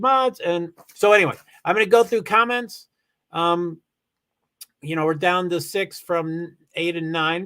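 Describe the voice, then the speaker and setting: A man's voice: high-pitched, a bit bright. A man hosting a livestream, chatting casually and rambling as he reads viewer comments and thanks people with frequent restarts. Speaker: livestream host.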